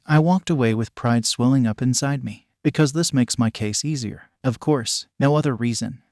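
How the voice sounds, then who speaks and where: A man reads a first-person story aloud at a steady, even pace. His voice sits at a middle pitch. The sound is close and dry, with no room around it. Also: dry recording. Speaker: narrator.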